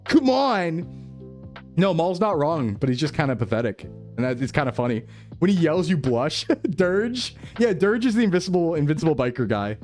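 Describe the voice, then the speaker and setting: A man's voice: fairly high pitch, big pitch swings, normal speed, a little mellow. A male streamer chats casually with his live audience, rambling with enthusiasm and leaning on fillers and laughter. His voice sits a bit above the usual male range. Faint music plays underneath. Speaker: VTuber streamer. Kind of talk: casual live-stream chat, answering chat messages.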